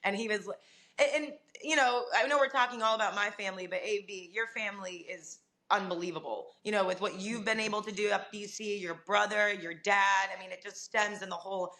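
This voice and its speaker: A young adult woman talks as a podcast guest, recounting her career in an animated, chatty way. Her voice is bright and forceful, and laughter slips in often. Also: medium pitch, brisk. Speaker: guest, sports reporter. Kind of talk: casual podcast conversation.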